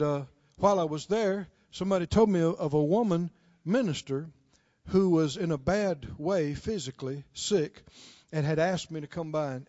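A male preacher delivering a sermon, prodding the congregation with questions and swinging between shouts and hushed storytelling. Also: high voice, no echo, lo-fi sound.

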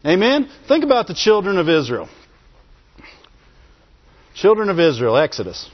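A man's voice: high voice, wildly swooping pitch, normal speed. A man preaching a sermon, repeating phrases for emphasis, chuckling between points and asking his listeners for an "Amen". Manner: asks the congregation for call-and-response "Amen?". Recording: dull lo-fi sermon recording.

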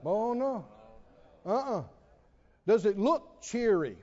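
A man preaching a sermon, retelling a story dramatically with laughs and shouted exhortations. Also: sits high, big pitch swings, slow. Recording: dull sound with long hall reverb.

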